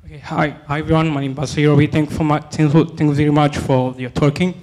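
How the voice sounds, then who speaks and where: A man in the audience asking the panel a question, halting and searching for words. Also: fairly high pitch, flat delivery, darkish tone. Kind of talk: question from the floor.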